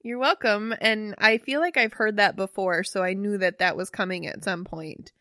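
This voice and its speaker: An excitable young woman co-hosts a casual conversation, jumping in with curious questions. Her voice sits at a middling pitch and is recorded close and dry, without any room sound. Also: normal speed, dry recording. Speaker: podcast co-host. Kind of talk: casual chat.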